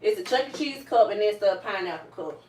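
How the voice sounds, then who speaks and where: Brisk and mid-range, a Georgia woman with a Southern accent chats relaxedly with live viewers from her home kitchen, drawling as she goes. She's a vlogger and mother recording on a phone on a tripod, and the kitchen sounds echoey with faint noise.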